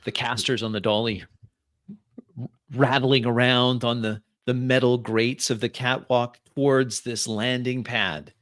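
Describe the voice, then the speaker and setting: Slow, deliberate game master man. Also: medium pitch, little pitch movement, a bit bright, dry recording. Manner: slow, deliberate narration with restarts. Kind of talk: narrating a tabletop game.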